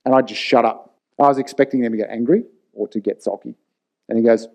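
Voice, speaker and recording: His medium-pitched voice is creaky and darkish, with fairly even intonation and a quick pace. In a candid talk to camera, this leadership speaker in his forties tells personal stories frankly, casually and bluntly.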